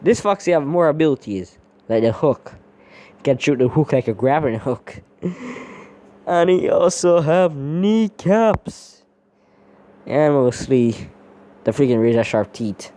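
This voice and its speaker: Male storyteller, casual and rambling, dark mellow voice. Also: a little high, lively intonation, slow, long pauses. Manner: rambling, leans heavily on "basically". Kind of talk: casual fan-story narration.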